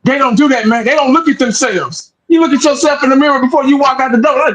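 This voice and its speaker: A man with a notably high speaking voice talks sports in a loose, heated way. He is emphatic and profane, repeats himself, and caps his points with 'man'. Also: quick pace, few pauses, fairly bright tone, poor audio. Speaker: sports show host. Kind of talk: casual sports talk.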